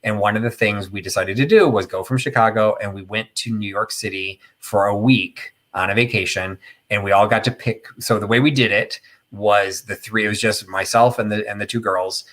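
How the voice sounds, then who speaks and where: A man's voice: fairly low pitch, steady tone, normal speed, a bit bright. A middle-aged man hosting a casual live chat, telling a rambling, opinionated story full of fillers and tangents. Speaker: host of a live chat stream.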